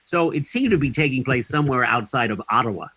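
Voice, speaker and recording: A man's voice: mid-range voice, expressive, fast talker, bright, forceful tone, slightly rough, no room sound, poor audio. A man guest in an interview, telling long anecdotes in a rambling way with many ums and chuckles.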